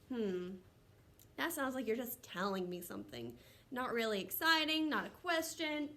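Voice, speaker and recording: A woman teaches a first grade class with an upbeat, encouraging manner. Her voice is bright and sits a little high. She talks straight to the young children. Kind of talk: online lesson to young children.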